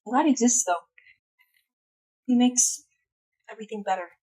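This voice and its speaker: A young woman live streaming, chatting casually with her chat, blunt and swearing freely, her voice swinging from loud to hushed. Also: a little high, a little slow, poor audio.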